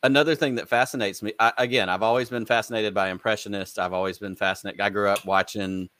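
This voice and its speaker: A man's voice: on the low side, fairly even intonation, fast, fairly bright tone, no echo. A man hosting a podcast, chatting enthusiastically with a guest and telling rambling stories. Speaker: podcast host. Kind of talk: casual interview chat.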